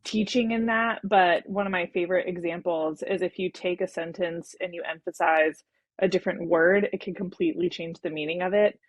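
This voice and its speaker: A woman's voice: on the low side, steady tone, moderate pace, dry recording. A woman, a brand coach and guest, talking in a casual, thoughtful and enthusiastic way with many "um"s and "like"s. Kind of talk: casual interview talk.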